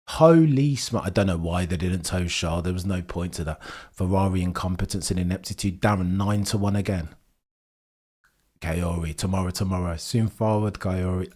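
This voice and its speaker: Young streamer, live reaction commentary, excitable, drops to low disbelief. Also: male voice, normal speed. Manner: excitable, swings from shouting to low muttering disbelief. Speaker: livestream watchalong commentator.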